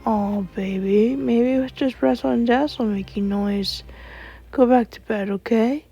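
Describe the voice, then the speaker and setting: A gentle, loving father, voiced by a woman, speaks in calm, reassuring tones. The voice sounds mellow and a little gravelly, on a dull recording with faint music under it. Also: fairly high pitch, a little slow. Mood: soothing. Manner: soothing, reassuring.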